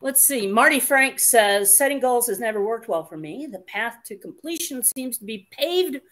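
A woman's voice: on the high side, lively intonation, moderate pace, fairly bright tone. A woman hosting a casual livestream chat, reading viewer comments aloud in a chatty, playful way.

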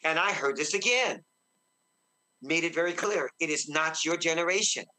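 A man preaching fervently as a guest minister, shouting bursts of praise and slowing to a deep, solemn tone when he quotes God. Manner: slows and deepens when quoting God. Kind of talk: excited preaching in a talk show interview.

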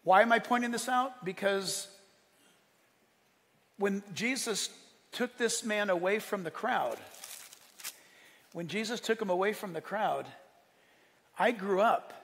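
A male pastor preaching a sermon, animated, swinging from loud exclaiming to quiet asides and laughing often. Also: high-pitched, slow pace, gravelly, long pauses. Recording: long hall reverb.

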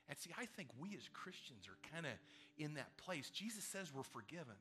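A man's voice: fairly high pitch, very animated, fairly quick, pushed and bright. A male pastor delivering a sermon and prayer in an earnest, storytelling manner.

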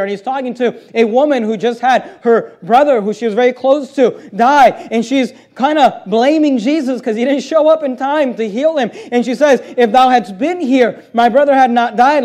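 A man with a very high voice preaches a sermon. He reads scripture aloud and draws out his key words slowly, sometimes dropping suddenly to a hushed tone. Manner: preaching with slow, drawn-out emphasis and sudden drops to quiet; reads scripture aloud in old-style wording. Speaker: pastor.

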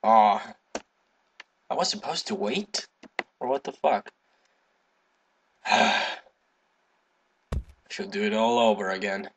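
A man talks over a game in an unhurried, casual way, humming and swearing as he goes. His pitch swings widely, jumping into sudden high yelps when he gets excited. A faint hiss sits behind the voice. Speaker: gaming video host. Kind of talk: casual gameplay commentary.

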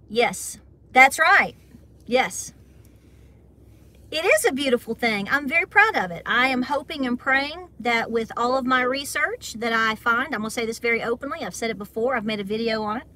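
A woman's voice: high-pitched, animated, measured pace, long pauses, sharp tone. A middle-aged woman with an Appalachian Southern accent, chatting and giggling casually with viewers on her homestead livestream. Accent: Southern American, Appalachian.

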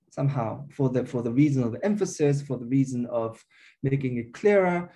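This is a man giving a scholarly linguistics lecture, voice mellow and slightly lifted, pitch varying widely. Point by point, he explains while thinking aloud, leaning often on uh and um to fill silences.

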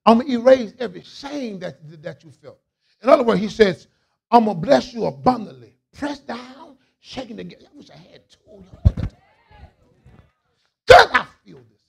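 A man preaching a sermon as a bishop, in a call-and-response style that swings from quiet asides to shouts. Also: extremely high pitch, expressive, moderate pace, vocal fry, slightly rough.

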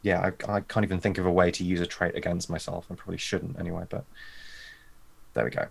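Deep-voiced man playing a tabletop game. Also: flat delivery, fast, vocal fry, breathy edge. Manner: narrates his character in third person, mixing in spoken lines. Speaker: player.

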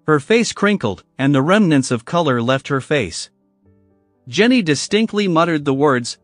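A man's voice: a little high, animated, normal speed, fairly bright tone, no echo. A man narrating a first-person revenge story in a bitter, controlled way. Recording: dry voice with faint music behind.

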